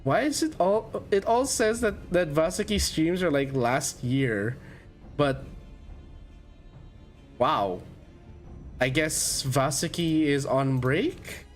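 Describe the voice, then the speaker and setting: A man's voice: on the high side, lively intonation, takes it slowly, pauses often. A young man streaming a video game, chatting casually and rambling with frequent self-corrections. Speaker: VTuber streamer. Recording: faint game music behind.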